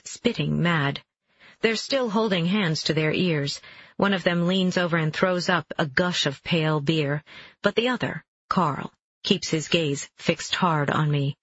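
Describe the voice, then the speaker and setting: Une femme à la voix légèrement voilée lit un audiolivre à la première personne, d'un ton posé et délibéré. L'enregistrement, fait de près au micro, est sec, sans résonance, et un peu terne. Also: female voice, on the low side, fairly bright tone, breathy edge, no room sound, highs cut off. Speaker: audiobook narrator. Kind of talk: first-person audiobook narration.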